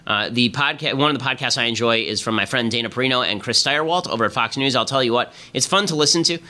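A man hosting a political commentary podcast, quick and emphatic with strong opinions. He talks at a rapid clip in a bright, forceful voice. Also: mid-range voice. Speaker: podcast host.

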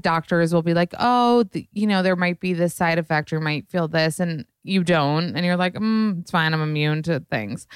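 A woman hosts a solo podcast, talking in a frank, rambling way, peppered with profanity and "like". Her voice sits low and comes across smooth and clear. The recording is dry and close, with no room echo. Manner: candid, profane, chatty with fillers. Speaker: podcast host. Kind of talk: casual solo podcast chat.

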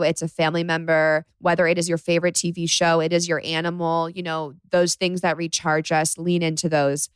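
Chatty young woman podcast host, smooth low voice. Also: no echo. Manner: chatty, confiding, says "like" often. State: emotional after crying. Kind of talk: casual solo podcast talk. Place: bedroom.

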